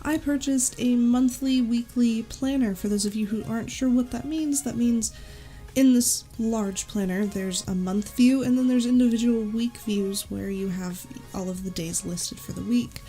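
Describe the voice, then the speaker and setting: A woman YouTube creator chatting casually and enthusiastically through product recommendations, with quick asides. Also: fairly high pitch, fairly even intonation, warm tone, soft background music.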